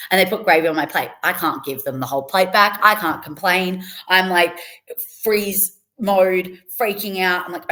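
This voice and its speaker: Young woman guest, low voice, loose chatty storytelling with laughs. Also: moderate pace, fairly bright tone. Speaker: podcast guest. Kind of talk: casual interview chat.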